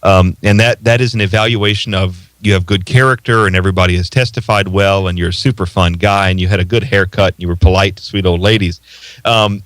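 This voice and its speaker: Priest guy chatting on a show, low voice, dry sound, jokey. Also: fairly even intonation, fairly bright tone, dry recording. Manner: conversational, quick jokes, frequent restarts. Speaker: priest co-host. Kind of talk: casual chat.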